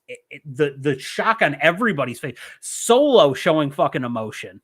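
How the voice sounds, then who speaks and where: A young adult man co-hosting a casual wrestling podcast, talking in an animated, emphatic way with plenty of swearing. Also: mid-range voice, moderate pace, few pauses. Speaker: podcast co-host.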